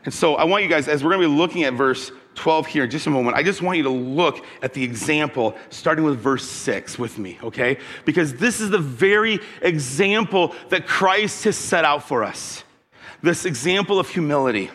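A pastor delivering a conversational sermon, telling personal stories and putting questions to the congregation. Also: male voice, fairly high pitch, lively intonation, moderate pace, a bit bright, big-room sound.

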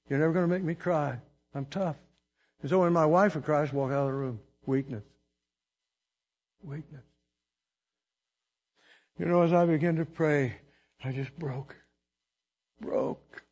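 A man's voice: on the high side, darkish tone, lo-fi sound. A man preaching a sermon, telling his own testimony in an earnest, emotional way with chuckles between lines.

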